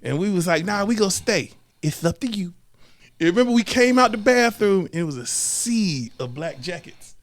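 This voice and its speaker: A high-pitched man whose voice leaps around as he spins a story for friends. He acts out the people in it with quick shifts of voice. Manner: animated storyteller who mimics people. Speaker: podcast co-host. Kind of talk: casual storytelling among friends.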